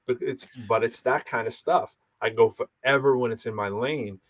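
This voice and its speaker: Lebhafter Mann im lockeren Gespräch. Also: male voice, mid-range voice, moderate pace, hardly any pauses. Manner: animated, tells stories with quoted voices. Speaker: podcast co-host. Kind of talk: casual chat.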